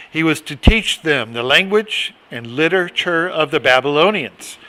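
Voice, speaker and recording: Middle-aged man, Bible study leader, rambling and chatty, bright voice, a bit high. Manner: chatty, rambling, with asides and restarts. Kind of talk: casual Bible study teaching.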